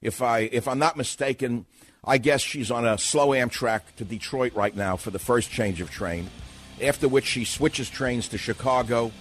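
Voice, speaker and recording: A man's voice: medium pitch, normal speed, soft background music. An older man hosting a talk radio show, delivering a sarcastic, mocking monologue and acting out a mock questioning.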